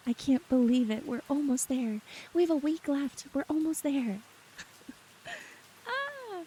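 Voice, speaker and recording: A woman streamer chatting softly and giggling often as she greets her chat, close to the mic with faint rain behind. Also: high-pitched, measured pace, slight background noise, low-quality recording. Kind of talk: soft-spoken live-stream chat. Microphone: close ASMR microphone.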